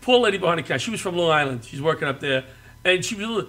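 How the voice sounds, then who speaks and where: A middle-aged man telling animated stories as a talk show guest, laughing and getting loud as he acts out quotes. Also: high voice, fast. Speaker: comedian guest.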